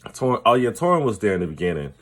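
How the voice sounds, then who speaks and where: Male vlogger, slightly low voice, trash-talking TV recap straight to camera. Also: sing-song, rapid-fire, fairly bright tone. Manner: blunt, profane, opinionated. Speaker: TV recap commentator. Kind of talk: casual recap commentary to camera.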